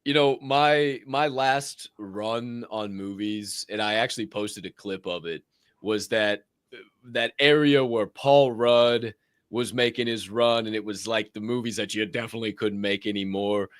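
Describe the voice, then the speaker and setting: A man hosting a podcast, giving energetic shout-outs in casual chat, swearing freely and whooping. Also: fairly low pitch, measured pace, clear, resonant tone, no echo, studio quality. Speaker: podcast host.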